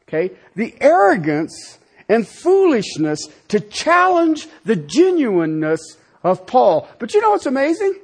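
A man's voice: very high voice, wildly swooping pitch, a little slow, husky. A man preaching a sermon, emphatic and full of rhetorical questions, often stopping to check in with his listeners. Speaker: pastor.

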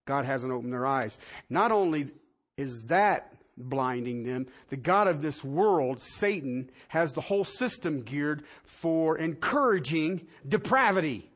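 A man's voice: a little high, lively intonation, unhurried, fairly bright tone. A man preaching a sermon as pastor, talking in a conversational way and often asking the congregation questions.

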